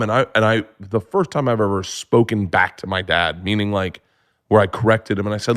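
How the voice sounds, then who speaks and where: A man telling stories as a comedy guest, excitable and profane, often restarting with "like". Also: lowish voice, a little fast. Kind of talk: casual storytelling.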